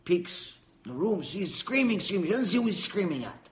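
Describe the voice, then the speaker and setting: A man teaching a Torah lecture to a live audience, telling a story with animated emphasis. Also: high voice, fairly quick, reverberant. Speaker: rabbi teaching a class.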